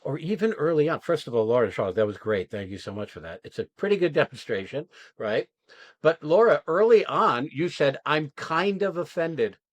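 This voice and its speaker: A man's voice: medium pitch, very animated, brisk, no echo. Blunt, emphatic male acting coach. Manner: emphatic, blunt, swears freely. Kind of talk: coaching an acting class demo.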